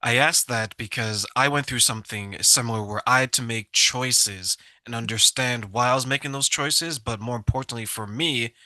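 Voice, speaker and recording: Bright-voiced male interviewer, dry sound. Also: mid-range voice, moderate pace, hardly any pauses, no echo. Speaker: interview host. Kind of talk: interview questions.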